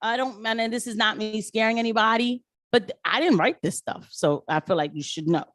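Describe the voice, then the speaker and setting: Animated woman ranting to her viewers. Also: on the high side, normal speed, no room sound, studio quality. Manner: animated, talks back to viewers, mocks voices in quotes. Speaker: political commentary vlogger. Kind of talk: casual live-stream commentary.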